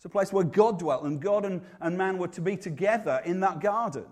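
A man's voice: sits high, a little fast, darkish tone. A man with a Yorkshire accent preaching a sermon in a conversational, humorous way, often restarting his sentences.

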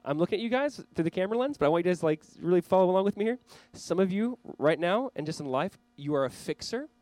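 A pastor delivers a sermon in an earnest, urging way, his voice sitting a little high for a man. The sound is dry and close, with almost no room echo. He talks straight to the camera for viewers at home. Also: animated, fast talker, a little mellow. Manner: earnest, urging the listeners directly. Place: church, speaking to a camera for online viewers.

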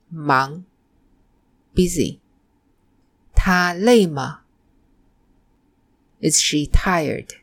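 Slow, low-voiced woman teaching Mandarin. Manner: slow, careful model pronunciation of example phrases. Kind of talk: scripted language lesson narration.

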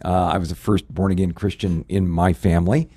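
Man pastor, middle-aged, folksy storyteller quoting scripture; fairly low voice. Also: fairly even intonation, a little fast, dark tone, husky. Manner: folksy, anecdotal, quotes scripture. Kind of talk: radio ministry discussion.

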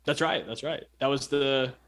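Bright-voiced man rambling about sports. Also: mid-range voice, moderate pace. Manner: rambling, joking, lots of fillers and restarts. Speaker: sports podcast co-host. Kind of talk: casual sports chat.

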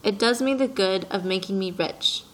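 A woman's voice: medium pitch, normal speed, a bit bright, close to an everyday voice, rough recording. A woman voicing a self-important, fussy middle-aged businessman in an audiobook reading. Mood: pompous. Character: pompous middle-aged male businessman, peevish.

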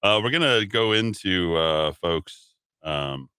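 A man's voice: low voice, expressive, takes it slowly, bright, forceful tone, clear, resonant tone, no room sound. A man co-hosting a radio talk show, chatting casually and wrapping up the segment in a studio. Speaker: radio co-host. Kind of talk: casual chat and show wrap-up.

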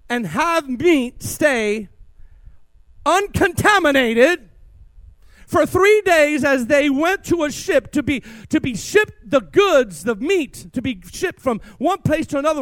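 A man preaching an energetic sermon as pastor in a church, calling on the congregation to respond. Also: extremely high pitch, no room sound.

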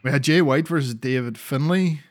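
A man's voice: medium pitch, normal speed. A man co-hosting a podcast, chatting casually about wrestling, rambling, swearing often and laughing a lot. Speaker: podcast co-host.

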